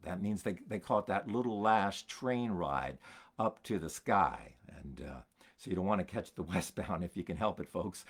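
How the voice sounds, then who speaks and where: An older man, a folksinger hosting his own stream, telling stories in a halting way, repeating words and chuckling as he goes. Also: lowish voice. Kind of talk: rambling storytelling to an online audience.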